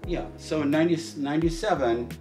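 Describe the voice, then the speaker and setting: A man of middle pitch tells long, rambling stories from his shooting range and swears freely along the way. His voice sounds a bit distant from the mic, with faint music underneath. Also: fast, darkish tone. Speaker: shooting range owner and firearms trainer. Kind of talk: casual storytelling in an interview.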